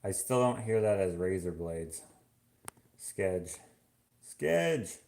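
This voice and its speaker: With a low, warm voice and a slow pace, a Canadian-accented man rambles casually while washing dishes at home. He's a vlogger thinking out loud, drifting between ideas with many fillers.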